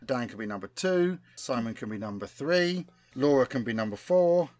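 A man hosting a relaxed comedy podcast, chatting and laughing as he assigns roles. His voice sits at an ordinary middle pitch. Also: normal speed, no echo. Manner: laughs often, jokey. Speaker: podcast host. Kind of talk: casual chat.

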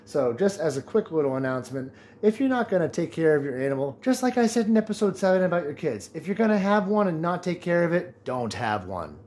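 A man's voice: on the high side, big pitch swings, quick pace, hardly any pauses, a little mellow. A man in his late twenties hosting a casual solo podcast, telling jokes and laughing at his own punchlines. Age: 20s. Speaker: podcast host.

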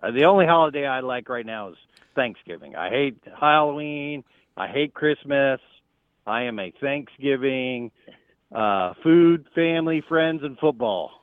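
A man's voice: mid-range voice, animated, unhurried, clean tone, no echo. A man calling in by phone from outdoors to a casual sports chat, laid-back with short, dry replies. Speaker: co-host on a call. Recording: tinny phone line.

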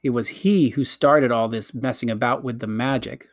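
A man reading aloud, voicing a prim, sharp-tongued young English girl in a storybook. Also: medium pitch, moderate pace, dry recording, studio quality, natural voice. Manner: sharp, sarcastic, proper schoolgirl speech.

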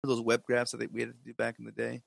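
A man's voice: medium pitch, completely flat delivery, fast, creaky, no echo. A man co-hosting a podcast in a laid-back, rambling chat, swearing freely. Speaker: podcast co-host. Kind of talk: casual chat.

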